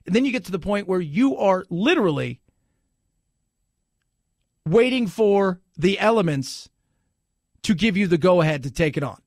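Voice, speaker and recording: Gravelly high-voiced radio host. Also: male voice, lively intonation, moderate pace, pauses often, no echo, clean studio sound. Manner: emphatic, repeats points for effect. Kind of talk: opinionated radio talk. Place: radio studio. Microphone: studio microphone.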